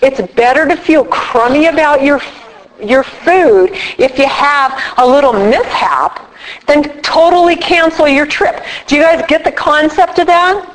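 A woman speaking casually at a recovery meeting, animated and acting out little quoted voices as she explains. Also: high-pitched, unhurried, rough recording. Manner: animated, acts out quotes with props. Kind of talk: casual workshop talk.

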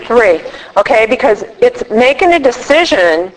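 A woman talks to a live group with a slightly high voice. She is lively and joking, and she acts out little quoted lines of her own. Her speech is loose and conversational, full of quick restarts. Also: low-quality recording. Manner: loose and chatty, with many restarts. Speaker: speaker at a recovery meeting.

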